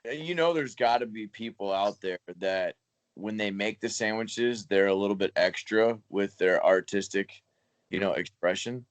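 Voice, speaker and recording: A man's voice: lowish voice, normal speed, no echo, muffled recording. A young man co-hosting a casual comedy podcast, rambling and trailing off as he spins ideas. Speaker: podcast co-host.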